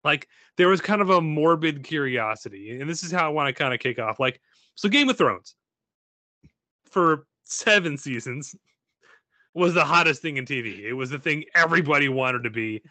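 Bright-voiced joking podcast host. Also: male voice, fairly high pitch, normal speed, no room sound. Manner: joking, animated, swears casually. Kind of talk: casual podcast chat.

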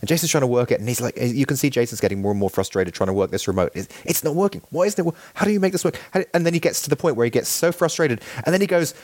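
A man tells stories in a voice that moves a lot in pitch, laughing and teasing as he goes. The sound is close and dry, with no room echo. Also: expressive, racing, few pauses, a little mellow. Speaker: podcast co-host. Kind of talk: casual chat.

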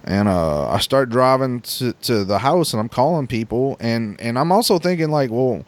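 A man spins a long personal story on a podcast, his voice rising and falling freely as he goes. He rambles, swears and trips over his own restarts. His pitch sits in the middle of a man's range. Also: lively intonation, moderate pace. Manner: rambling, profane, with many restarts and acted-out quotes. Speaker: podcast co-host telling a story. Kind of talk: casual storytelling.

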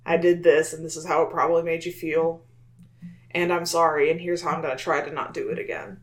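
Woman as a frank, foul-mouthed adventurer with a lower voice. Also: level tone, a little fast, natural voice. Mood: blunt. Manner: blunt, swears casually. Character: blunt, frank adventurer giving advice.

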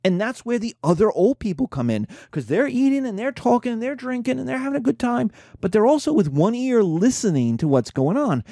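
Male lecturer, mellow and animated storyteller, dry recording. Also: very high voice, a little fast, hardly any pauses, no room sound. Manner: animated storytelling, acting out characters. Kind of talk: informal lecture.

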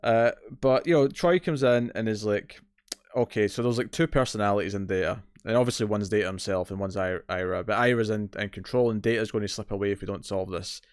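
A man co-hosting a casual podcast chat, retelling scenes in lively fashion, acting out voices and laughing often. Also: lowish voice, a little fast, hardly any pauses, smooth, no echo, clean studio sound. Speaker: podcast co-host.

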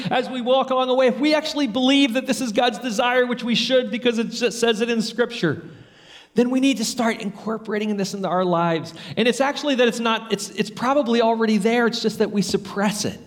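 Male preacher, earnest storyteller, fairly high voice, long hall echo. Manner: earnest, storytelling, rising to high emphatic peaks. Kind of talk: sermon.

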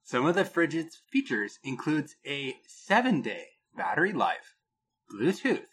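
A man co-hosting a casual podcast, telling a product story with a lot of pitch movement and laughing at his own jokes. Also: wildly swooping pitch, unhurried, fairly bright tone, breathy edge. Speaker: podcast co-host.

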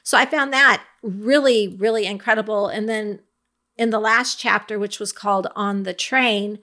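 Her medium-pitched voice is pushed and bright, with fairly even intonation at a moderate pace. This podcast co-host reflectively retells scenes from books in casual book club chat, voicing quoted thoughts.

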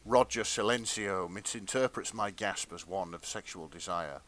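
A man co-hosting a comedy podcast, reading fan fiction aloud in a hushed, mock-serious tone. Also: deep voice, normal speed. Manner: reads in a hushed, mock-serious tone, then cracks up. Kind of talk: dramatic reading with comic asides.

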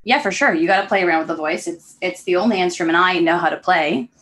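A woman comedian as a guest, telling stories in a relaxed, self-deprecating way. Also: fairly low pitch, quick pace, rough recording. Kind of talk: casual conversation.

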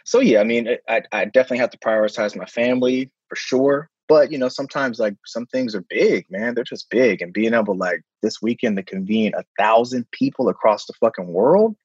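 A middle-aged-sounding man speaks with a husky, slightly breathy voice and an emphatic, animated rhythm, leaning on "man" and "right?" as he builds his points. He sounds close and dry, as if on a remote call with a dull, lo-fi sound. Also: medium pitch, fairly quick, hardly any pauses, no room sound. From San Francisco. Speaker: guest, middle school principal. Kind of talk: casual conversational interview.

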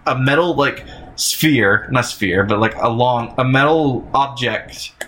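Man, casual rambling recap, middle pitch. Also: slow pace, a bit bright, slight background noise. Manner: rambling, lots of fillers, laughs easily. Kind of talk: casual chat, episode recap.

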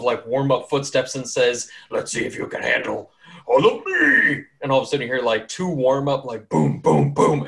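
Casual male game master. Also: medium pitch. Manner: casual, full of fillers, laughs often. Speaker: game master and podcast host. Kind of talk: narrating a tabletop game.

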